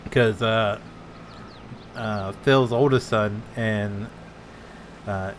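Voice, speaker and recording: A man's voice: on the low side, steady tone, extremely slow, a little hiss or hum. A man hosting a gaming channel, chatting casually with a friend and laughing often as he retells TV scenes. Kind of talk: casual chat while gaming.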